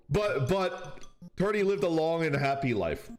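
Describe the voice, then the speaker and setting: A man's voice: on the high side, big pitch swings, slow pace, long pauses. A man streaming and chatting casually with viewers, telling a rambling story and laughing often. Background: faint background music.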